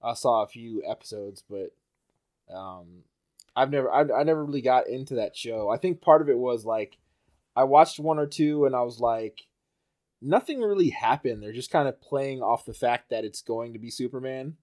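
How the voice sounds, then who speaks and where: A man hosting a podcast in casual chat, halting with fillers and laughing often. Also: medium pitch, a little mellow. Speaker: podcast host.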